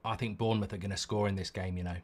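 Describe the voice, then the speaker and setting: A man's voice: sits low, steady tone. Opinionated middle-aged man hosting a watchalong. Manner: opinionated, rambling, quick restarts. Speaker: host. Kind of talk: live football watchalong chat.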